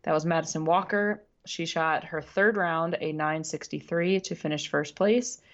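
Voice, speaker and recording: Speaking in a low-pitched voice at a moderate pace, this co-host is heard in audio missing its high frequencies. Her sports talk on the radio show is easygoing, full of laughter, with the occasional slip over a name.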